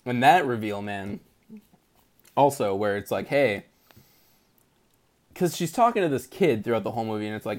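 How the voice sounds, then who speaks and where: A young man co-hosting a casual movie podcast, excited and rambling, laughing often. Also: on the low side, moderate pace, pauses often. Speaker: podcast co-host.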